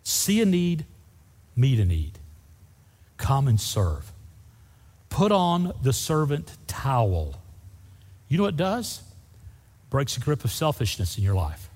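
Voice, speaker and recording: Pastor preaching in a reverberant church. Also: male voice, medium pitch, wildly swooping pitch, slow pace, pauses often, darkish tone. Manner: folksy storytelling preacher, says y'all. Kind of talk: sermon. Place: church sanctuary. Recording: long reverb in a large church hall.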